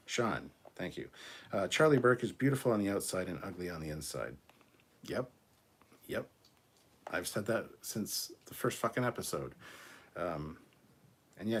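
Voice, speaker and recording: A man's voice: fairly low pitch, slight background noise. A man hosting a casual livestream, reading viewer comments and answering them in a blunt, profane, argumentative way.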